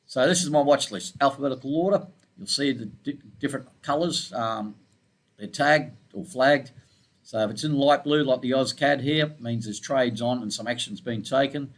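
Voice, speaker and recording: A man's voice: mid-range voice, moderate pace. Man, Australian accent, forex analyst, informal screen-share walkthrough, easygoing, mid-range voice. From Scotland. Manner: laid-back, informal and self-deprecating.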